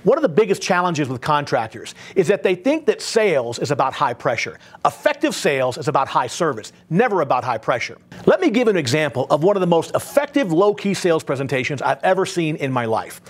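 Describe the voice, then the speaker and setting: Man, sales trainer, high voice, very animated pitch, emphatic storytelling, motivational talk. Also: a little fast, few pauses. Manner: emphatic storyteller, tags points with "right?". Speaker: sales trainer for home service contractors.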